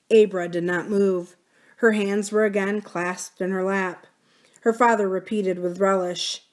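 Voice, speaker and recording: A woman's voice: medium pitch, steady tone, measured pace. A woman reading a novel aloud for a library series, lifting her voice for the characters' lines. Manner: gives characters' lines a raised, livelier voice. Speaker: library reader.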